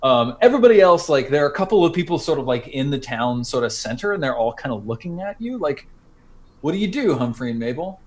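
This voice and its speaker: A man's voice: on the high side, sing-song, fast, darkish tone. A man narrating a tabletop role-playing game as game master, casual and hesitant with lots of fillers.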